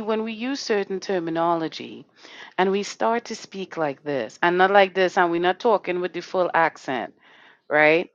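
A woman's voice: medium pitch, no echo, muffled recording. A woman hosting a live online talk show who speaks emphatically, swears freely and keeps asking "right?". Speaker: host.

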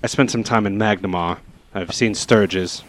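A man playing a tabletop game, chatting casually and reasoning in an even-tempered way. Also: lowish voice, normal speed. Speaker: player.

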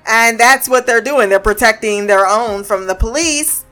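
A woman casually recapping a TV episode, animated and profane, acting out the characters' lines. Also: fairly high pitch, normal speed, faint music behind.

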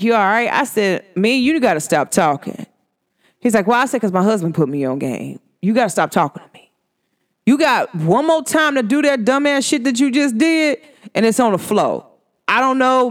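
A woman hosting a spiritual podcast, telling a story in a casual, slangy monologue. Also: high voice. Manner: animated, slangy, swearing freely.

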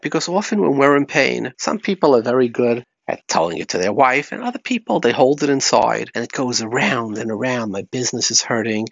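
Weaving Yiddish and Hebrew terms into his stories, a rabbi delivers a Torah talk in a medium-pitched voice with vocal fry. The audio is dry and a little muffled, free of echo.

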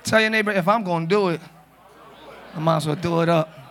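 A man preaching a live sermon as pastor, talking to the congregation in a loose, joking way and breaking into loud shouts. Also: a little high, fairly quick, vocal fry, a faint crowd, a little hiss or hum. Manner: conversational, jokey, bursts into shouts. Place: church sanctuary.

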